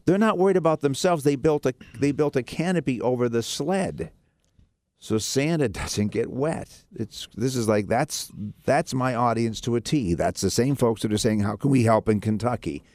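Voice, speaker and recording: A man's voice: mid-range voice, expressive, moderate pace, a little mellow, no room sound. A man hosting a radio talk show, speaking earnestly in a rambling way, with many restarts and fillers.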